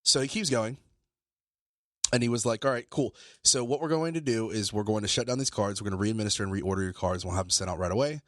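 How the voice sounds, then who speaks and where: A man with a lowish voice tells a story at a fast clip, animated, swearing freely as he acts out both sides of phone calls. The sound is close and dry, with no room around it. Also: no echo. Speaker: podcast co-host. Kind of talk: casual storytelling.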